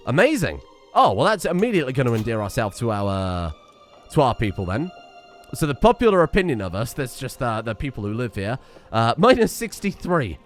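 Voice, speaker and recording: A man talks through a strategy game in a loose, thinking-aloud way, throwing in dry little asides. His pitch rises and falls a lot, and his voice sits in a middle register. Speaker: let's play streamer. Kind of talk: casual gameplay commentary.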